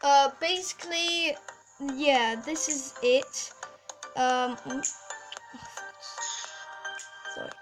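High-voiced girl rambling apologetically. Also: very slow, long pauses, faint music behind, low-quality recording. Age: preteen girl. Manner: rambling, apologetic, full of fillers. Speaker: channel host. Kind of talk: casual video update. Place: bedroom at home.

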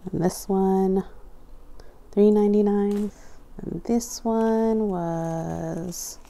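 A woman's voice: mid-range voice, warm tone. A young adult woman casually narrating an unboxing at home, reading out prices item by item with chatty asides. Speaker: vlogger unboxing a craft store grab bag.

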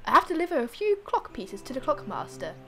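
A hardworking male blacksmith from a game, gruff and matter-of-fact, speaking in a lowered voice, as a woman puts him on. He sounds plain and busy. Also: very animated, quick pace, pushed and bright, soft background music, full character voice.

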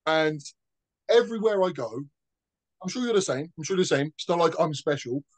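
A man's voice: on the high side, animated, a little fast, poor audio. Blunt man, casual swearing. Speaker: podcast co-host. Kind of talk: casual chat.

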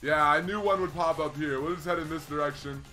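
A man's voice: fairly high pitch, fairly quick, bright, forceful tone, soft background music. A young man hosting a casual gaming livestream, chatting freely, greeting viewers and reading their messages aloud. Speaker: livestream host.

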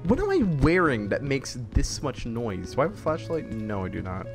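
A woman's voice: rumbling low, sing-song, normal speed, creaky. A woman giving commentary on a horror game, muttering to herself and screaming at it when chased. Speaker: gamer. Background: game music.

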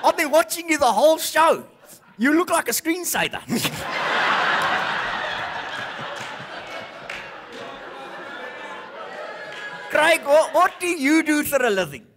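A man voicing a sarcastic high-voiced schoolteacher. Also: animated, extremely slow, pauses often, a crowd in the background, noisy background, full character voice. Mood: scornful. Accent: South African. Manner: sarcastic, scolding the audience as a class. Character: scornful middle-aged male high school teacher. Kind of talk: stand-up ventriloquism.

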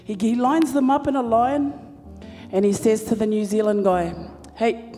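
A woman's voice: on the high side, moderate pace, soft background music. A woman hosting a church service, telling a joke and giving announcements with playful banter to the audience. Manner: lively storyteller with audience banter. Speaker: church program emcee. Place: church hall. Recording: hall reverb, live church sound.

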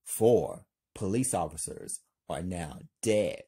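Slow, low-voiced hyped male storyteller. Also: expressive, mellow, breathy edge. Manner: hyped, repetitive, drawn-out delivery. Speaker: narrator and channel host. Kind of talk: homemade story narration.

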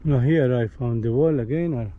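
A man's voice: mid-range voice, normal speed, narrow, tinny audio, slight background noise. A man with a Maltese accent, talking casually as he films his hike outdoors, often tagging his phrases with "eh?" and getting tired and short of breath. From Malta. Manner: chatty, ends phrases with "eh?". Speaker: hiker vlogger. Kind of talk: casual walking vlog commentary. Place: outdoors on a hiking trail.

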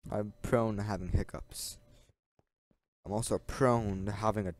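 A man's voice: fairly low pitch, steady tone, measured pace, background noise. A man in casual gaming commentary, chatty and easily distracted, talking into a headset from his computer chair at home. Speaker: gaming channel host.

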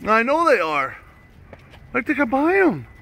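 A man's voice: very high-pitched, huge pitch swings, measured pace, vocal fry, sharp tone, a little hiss or hum. A man co-hosting a record store vlog, joking, teasing and swearing in casual banter.

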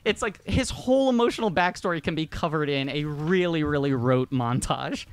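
A man's voice: on the high side, lively intonation, clean tone. A man, an actor appearing as a podcast guest, riffing wryly about a movie. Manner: quick, wry and riffing. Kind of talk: casual comedic movie discussion.

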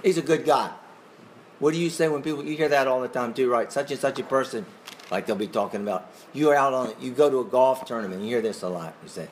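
A man's voice: medium pitch, fast, slight background noise. Conversational man teaching a Bible class. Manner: conversational, asks the class questions, chuckles often.

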